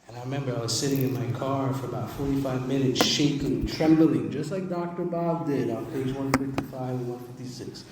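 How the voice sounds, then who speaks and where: A man gives a personal testimony from a podium in a large convention hall. He talks in a conversational, emphatic way and repeats his key lines to the crowd. His voice sits at an ordinary pitch and is heard from some distance, with heavy, long echo and a faint room hum behind it. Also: brisk, few pauses. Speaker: recovery convention speaker. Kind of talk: personal testimony talk to a live audience.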